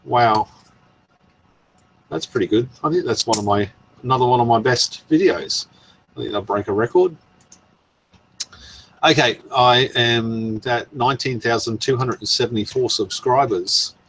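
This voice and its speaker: A man's voice: mid-range voice, a little slow, pauses often, a bit bright. A man hosting a casual live stream, rambling and chuckling as he goes through viewer comments. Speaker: channel host.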